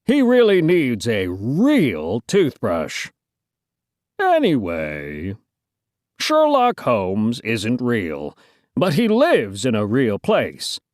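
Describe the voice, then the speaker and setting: A woman's voice: rumbling low, huge pitch swings, drawn-out words, a little mellow, no room sound, clean studio sound. A woman reading a children's storybook aloud, playful, with joking asides to listeners.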